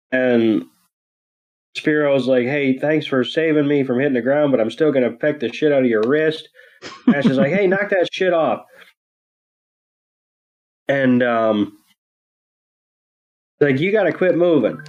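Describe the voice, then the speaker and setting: A man co-hosts a podcast and slowly recaps a cartoon episode, laid-back and full of crude jokes. He pauses often and fills the gaps with ums. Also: medium pitch, darkish tone, highs cut off. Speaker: podcast co-host.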